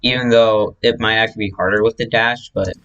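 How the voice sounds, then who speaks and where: A man's voice: lowish voice, fairly even intonation, a little fast, a bit bright, dull audio. A man who speedruns, casually explaining his own run over replay footage, chatty and correcting himself as he goes.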